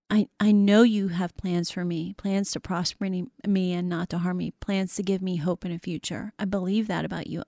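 A woman's voice: medium pitch, darkish tone, no echo. Woman host for a faith talk show, middle-aged, earnest and encouraging, quotes scripture, dry close mic.

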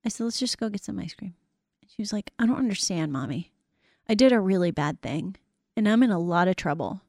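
A woman's voice: mid-range voice, animated, brisk, creaky, no echo. Woman, middle-aged, faith talk host, encouraging, scripture quoting, dry sound. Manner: warm encouraging, quotes scripture.

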